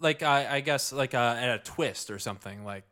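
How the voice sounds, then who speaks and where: A man in casual podcast chat, rambling and halting with lots of restarts and jokes. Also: mid-range voice, pushed and bright. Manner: rambling, halting, many likes and restarts, joking.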